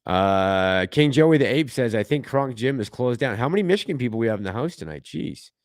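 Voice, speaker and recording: A man's voice: mid-range voice, animated, fairly quick, dry recording, clean studio sound. A man hosting a casual livestream, reading viewer comments aloud and reacting to them in a chatty way. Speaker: livestream host reading chat.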